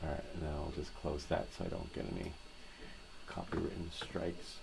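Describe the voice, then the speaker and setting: A man's voice: rumbling low, level tone, moderate pace, vocal fry, noisy background. A man hosting a live stream, chatting casually and rambling, laughing easily.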